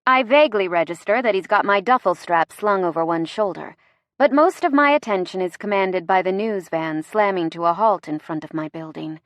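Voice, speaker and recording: A woman's voice: medium pitch, normal speed, no room sound, clean studio sound. Woman narrating a romance audiobook. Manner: expressive and playful.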